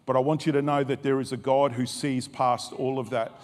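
A man preaching a sermon in an earnest, deliberate way, repeating key phrases and restarting his sentences. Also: medium pitch, flat delivery, darkish tone. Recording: long hall reverb.

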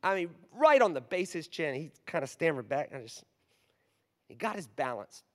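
A man in his forties preaching a storytelling sermon, animated, moving from hushed asides to loud bursts. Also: on the high side, a little fast. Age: 40s. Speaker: guest preacher. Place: large church hall. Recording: long hall reverb.

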